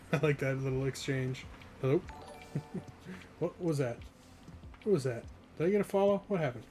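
A man's voice: mid-range voice, lively intonation, moderate pace, darkish tone, faint music behind. A young man in his twenties, from the northeastern US, chatting casually and rambling with chat while streaming a game, often laughing.

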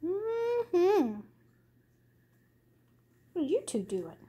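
High cooing woman talking baby talk. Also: huge pitch swings, very slow, warm tone, highs cut off. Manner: cooing, sing-song and doting. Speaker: dog owner filming her puppies.

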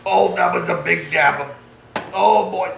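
Slow, gravelly man in an echoey shop. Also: high voice, fairly bright tone. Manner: laid-back, swearing, hyping the shop. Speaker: smoke shop vlogger. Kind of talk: casual vlog commentary. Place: smoke shop interior. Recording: echoey shop room, faint background noise.

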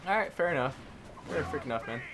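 A gaming commentator narrates his own shooter gameplay, talking to himself and swapping in mild words for swears, with game gunfire and other background noise behind him. His mid-range voice is animated and quick.

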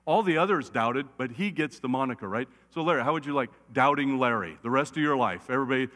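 A man preaching a conversational sermon as a pastor, animated and often checking in with "right?". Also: a little high, fairly quick, few pauses. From United States. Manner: animated, repeatedly asks "right?". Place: church sanctuary. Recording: long church reverb.

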